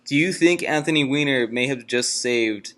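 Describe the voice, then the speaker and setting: A man's voice: medium pitch, normal speed, a bit bright. Hesitant male interviewer. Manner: hesitant, with many fillers. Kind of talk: interview questions.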